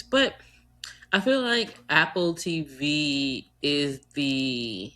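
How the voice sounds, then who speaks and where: A Trinidadian American woman co-hosting a podcast in casual chat, animated and joking, swearing freely. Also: on the low side. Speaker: podcast co-host.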